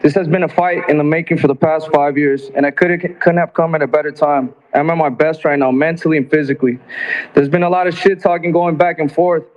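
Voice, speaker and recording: A man's voice: a little high, steady tone, fairly quick. A boxer trading profane, taunting trash talk at a press conference, heckling his opponent. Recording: dull lo-fi broadcast audio.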